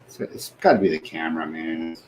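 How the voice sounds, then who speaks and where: A man hosting a livestream, chatting casually and haltingly as he thinks aloud with frequent fillers. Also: rumbling low, lively intonation, darkish tone, a little hiss or hum, low-quality recording. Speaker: livestream host. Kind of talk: casual stream setup chat.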